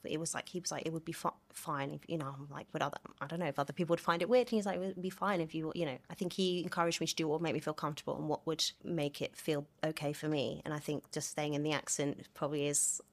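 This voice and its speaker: Low-voiced woman from London, chatty. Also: fairly even intonation, rapid-fire, hardly any pauses. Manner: chatty, many fillers, laughs while telling stories. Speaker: actor, interview guest. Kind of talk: casual interview chat.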